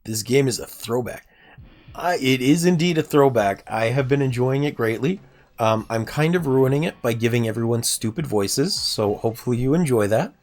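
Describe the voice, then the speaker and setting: A man's voice: medium pitch, animated, normal speed, a little mellow. Chatty young man streaming a game. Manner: chatty, asks chat for feedback. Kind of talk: casual livestream gameplay commentary. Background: faint game music.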